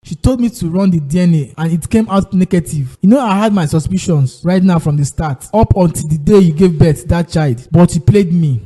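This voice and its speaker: Angry betrayed cartoon husband, Nigerian accent, husky, mellow, accusing. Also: male voice, high voice, a little fast, hardly any pauses. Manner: accusing, shouting.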